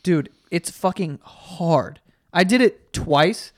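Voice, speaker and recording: A young man co-hosting a podcast, talking fast and casually with lots of swearing, his voice cracking now and then. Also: fairly high pitch, expressive, no room sound, studio quality. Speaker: podcast co-host. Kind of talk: casual chat.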